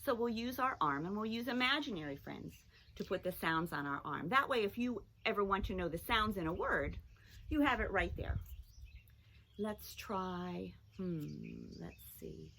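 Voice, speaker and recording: A woman teaching a children's phonics lesson, talking in a slow, sing-song, encouraging way. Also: mid-range voice, very animated, pushed and bright, slight background noise.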